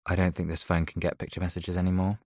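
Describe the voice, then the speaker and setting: A man's voice: low voice, completely flat delivery, quick pace, darkish tone, no echo, studio quality. A man reading an easygoing teenage boy in an audiobook. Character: teenage boy boyfriend, easygoing and laid-back.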